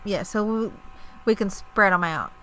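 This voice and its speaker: Bright, dry-voiced woman co-host. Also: medium pitch, no room sound, poor audio. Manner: laughs often, quick agreeing replies. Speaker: podcast co-host. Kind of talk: casual podcast chat.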